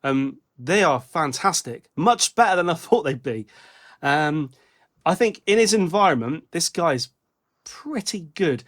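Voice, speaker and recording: A man with a somewhat high voice chats loosely as a podcast co-host. He rambles, restarts his sentences and corrects himself mid-thought as he goes. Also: expressive, unhurried, fairly bright tone. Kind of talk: casual music-review chat.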